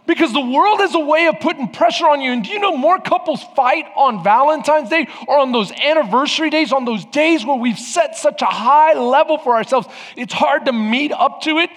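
A man's voice: very high voice, moderate pace, few pauses, a bit bright. A man preaching as a pastor, telling stories and calling out to the congregation. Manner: storytelling with audience call-outs. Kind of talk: sermon. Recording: long hall reverb.

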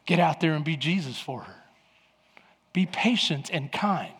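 A pastor preaches with a notably high-pitched man's voice, telling stories and slipping into the voices of the people he quotes. His words ring out with a long echoing reverb, as if filling a large sanctuary. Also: normal speed. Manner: lively storytelling preacher, acting out quoted voices. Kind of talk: sermon.

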